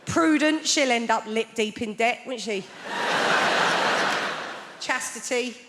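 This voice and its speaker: Woman doing stand-up, high animated voice, wry, big reverby theatre, loud crowd noise. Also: slow. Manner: wry, conversational, with tag questions to the audience. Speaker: stand-up comedian. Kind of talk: stand-up comedy monologue. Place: large theatre stage before a live audience. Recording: long hall reverb with loud audience noise.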